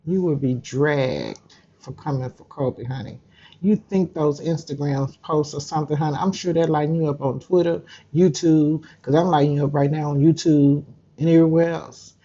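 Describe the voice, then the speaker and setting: Husky-voiced woman in an indignant vlog rant. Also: deep voice, moderate pace, dark tone. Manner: indignant, talks straight at her target. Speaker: YouTuber. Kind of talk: ranting vlog commentary. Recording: dull lo-fi sound.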